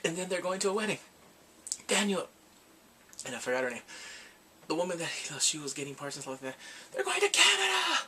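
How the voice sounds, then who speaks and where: Excitable man gushing about a drama. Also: on the high side, fast, pauses often, a little hiss or hum. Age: adult. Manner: excitable, rambling, fanboyish. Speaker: YouTube drama reviewer. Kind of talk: casual chatty review.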